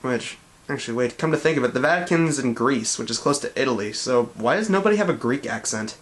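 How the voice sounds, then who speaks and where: A man's voice: medium pitch, lively intonation, fast. A man reviewing a cartoon in sarcastic commentary, with an exasperated, mocking manner. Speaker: show reviewer. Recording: echoey room.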